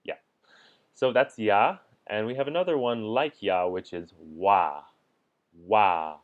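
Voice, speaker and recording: A man teaching language points in a relaxed way, chuckling now and then between examples. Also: on the low side, slow, lo-fi sound.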